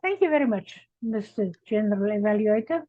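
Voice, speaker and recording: A woman giving an evaluation at an online club meeting, speaking in measured short phrases over a video call. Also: mid-range voice, expressive, no echo. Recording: dry, dull video call audio.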